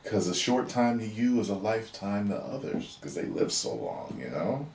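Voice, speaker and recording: A man quoting a calm, gentle male mentor in a hushed, quiet voice. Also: on the low side, normal speed, vocal fry, roomy sound, distant mic, a little hiss or hum.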